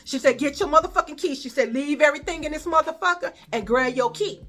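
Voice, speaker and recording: A woman with a Chicago accent tells a story from her own life at a fast clip, her high, bright voice carrying a sharp edge. She's animated and casual, swearing freely and acting out every quoted line with lively energy while faint music plays behind her.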